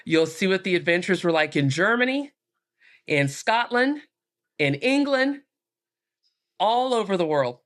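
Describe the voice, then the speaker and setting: A middle-aged American woman, a book author telling travel stories in an interview, animated and acting out the voices in them. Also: fairly low pitch, measured pace, pauses often. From United States. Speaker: guest, author. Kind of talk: storytelling interview.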